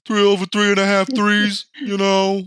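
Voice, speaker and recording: Man doing a gruff Southern sports pundit, put-on drawl, rambling, hesitant, bright tone. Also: high voice, monotone, normal speed, no room sound, clean studio sound, pitched above the performer's own voice. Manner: rambling, hesitant betting picks. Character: gruff middle-aged male sports analyst, drawling.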